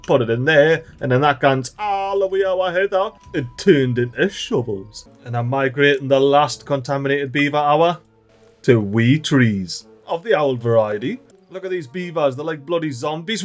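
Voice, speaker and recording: A man giving excitable, chatty let's play commentary and talking to the little characters in his game. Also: a little high. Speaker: gaming channel host.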